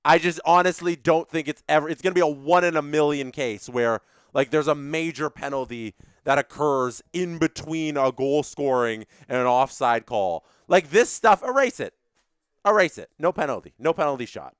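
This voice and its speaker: Male stream host, slightly higher voice, smooth and clear; opinionated, repetitive chat-reading rants. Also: moderate pace, hardly any pauses, no room sound, studio quality. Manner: opinionated ranting, repeats phrases. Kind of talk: live-stream commentary reading viewer chats.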